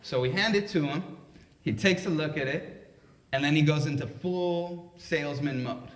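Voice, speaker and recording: A man telling a comedic story live in a conversational, unhurried way, with many fillers. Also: on the high side. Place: library event room. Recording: echoey library room.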